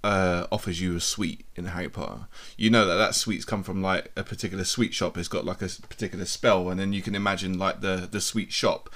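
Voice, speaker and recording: A man's voice: deep voice, fairly even intonation, a little fast, a bit bright. A man co-hosting a casual film review chat, blunt and rambling, swearing freely.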